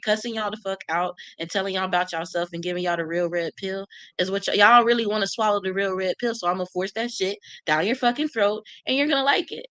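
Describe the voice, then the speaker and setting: A brash, foul-mouthed woman hosts a livestream, reading live comments aloud and firing back at the people who posted them. Her voice is medium-pitched and slightly bright, with no room sound at all. It's casual stream chatter, blunt and profane.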